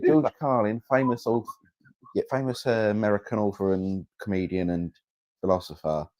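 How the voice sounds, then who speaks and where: A man's voice: fairly low pitch, fairly even intonation, normal speed, a little mellow, no echo. A man co-hosting a comedy podcast, telling historical anecdotes in a matter-of-fact way. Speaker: podcast co-host. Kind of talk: casual comedic chat.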